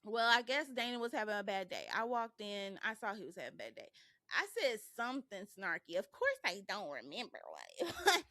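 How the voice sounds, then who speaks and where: A woman co-hosting a podcast, telling a story in a casual, animated way and laughing as she goes. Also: medium pitch, fairly quick, dry recording, studio quality. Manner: animated, acts out the people in her stories; laughs through her own story. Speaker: podcast co-host.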